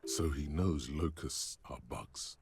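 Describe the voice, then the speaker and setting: Man voicing a wry game narrator, extremely deep, gravelly, faint hiss. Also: takes it slowly, a little mellow, heavily acted.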